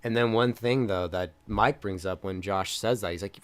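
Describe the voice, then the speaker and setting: A man's voice: on the low side, moderate pace. A young man co-hosting a film review podcast, casually retelling scenes with lots of fillers and acted-out lines. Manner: rambling retelling with many fillers, acting out lines. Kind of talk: casual chat.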